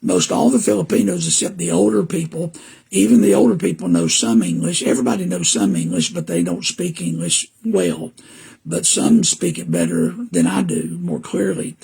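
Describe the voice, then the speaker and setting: Older Southern man, preacher, casual podcast talk: weak, damaged voice, very gravelly and husky, fairly high-pitched, rambling, earnest. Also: very animated, normal speed, darkish tone. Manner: rambling, earnest, greets viewers by name mid-talk.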